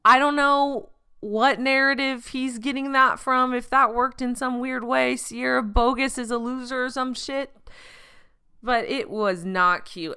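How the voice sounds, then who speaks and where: A young woman hosts a comedy podcast, spinning a crude, profane story with jokey asides. Her voice sits a little high and sounds bright and edgy. It is smooth and crisp throughout. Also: fairly even intonation, a little slow. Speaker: podcast host.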